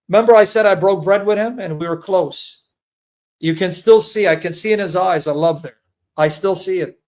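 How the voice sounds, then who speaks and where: A man's voice: sits high, moderate pace, a little mellow. A man speaking earnestly and emotionally to his viewers, a Christian apologist who repeats himself and calls them brethren. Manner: earnest, repetitive, addresses listeners as brethren.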